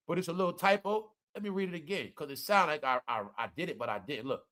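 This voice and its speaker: A man with a high-pitched, sharp-edged voice runs a ranting commentary vlog. He scolds and curses at his viewers and repeats every point for emphasis. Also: a little fast. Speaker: commentary vlogger.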